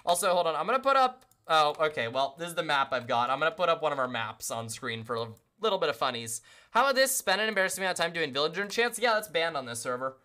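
Fast and nearly pause-free, this streamer's mid-range voice is bright, pushed, and lively in intonation. They game while chatting casually with viewers, self-deprecating and welcoming everyone repeatedly.

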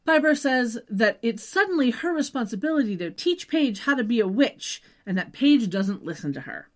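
A woman's voice: on the high side, big pitch swings, moderate pace. Wry chatty woman recapping an episode. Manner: chatty, wry asides, trails off with "just saying". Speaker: podcast co-host. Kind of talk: casual episode recap chat.

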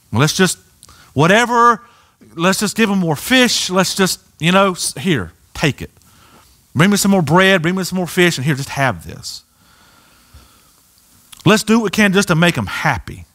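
A man preaching a sermon in a church, animated and acting out the voices of people in the story. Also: high-pitched. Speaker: pastor. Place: church sanctuary.

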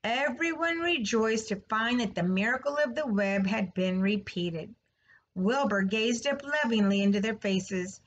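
A teacher reading a chapter book aloud to her class, her voice sitting a touch high. She reads slowly and clearly, shaping each line with expression. There's a faint hum of room sound behind her. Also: animated, highs cut off. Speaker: third grade teacher. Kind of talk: storybook read-aloud.

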